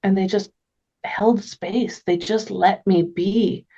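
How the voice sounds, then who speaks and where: A woman talking earnestly as a podcast guest, gentle and often restarting her sentences. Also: mid-range voice, steady tone, slow pace, muffled recording. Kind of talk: casual conversation.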